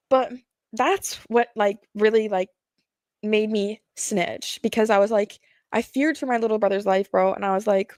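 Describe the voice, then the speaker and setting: A woman's voice: medium pitch, moderate pace, a little mellow, dry recording. A young woman telling a painful personal story to her viewers, rambling and slangy with many fillers, nervous and close to tears. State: nervous, sweating.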